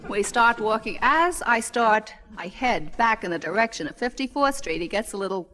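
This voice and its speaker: Bright, lively New woman comedian. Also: on the high side. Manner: chatty, wry storytelling with quick quoted exchanges. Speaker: stand-up comedian. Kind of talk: stand-up storytelling. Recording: 1960 live comedy album.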